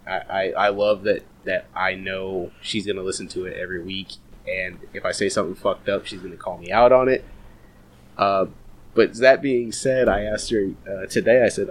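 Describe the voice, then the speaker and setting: Husky, laughing podcast co-host. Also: male voice, low voice, steady tone, moderate pace. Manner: laughs often, swears freely. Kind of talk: casual podcast chat.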